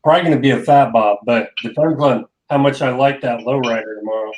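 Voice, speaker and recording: Offhand, laid-back guy at an ordinary middle pitch. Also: fast, darkish tone. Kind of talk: casual chat.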